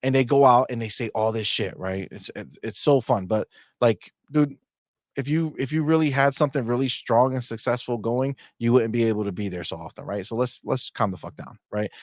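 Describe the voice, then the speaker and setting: A man hosting a casual gaming podcast, brash and profane, mocking people and sometimes breaking into loud shouts. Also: mid-range voice, fairly quick, no room sound, studio quality. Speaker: podcast host.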